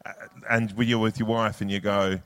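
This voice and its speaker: A man on stage, animated and sweary, who acts out little scenes while joking with the hosts. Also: fairly low pitch, a little fast. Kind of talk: live comedic banter.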